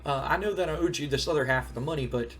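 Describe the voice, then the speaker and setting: A man's voice: on the high side, racing, a bit bright, a little hiss or hum, natural voice. A man voicing a pushy, scheming male wrestler who haggles and pleads with hired muscle for a discount. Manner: wheedling, pleading.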